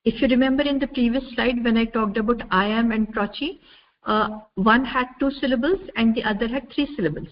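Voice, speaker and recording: Woman from india teaching poetry basics, slightly high voice, lots of uh's, muffled lo-fi recording with faint hiss. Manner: measured, explanatory, with frequent "uh" fillers. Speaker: lecturer. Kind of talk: recorded university lecture over slides. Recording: dull lo-fi recording with faint noise.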